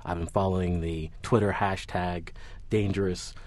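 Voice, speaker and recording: A male professor speaking as a panel guest, giving measured, analytical commentary. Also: low voice, flat delivery, a little mellow, no echo. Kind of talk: academic commentary.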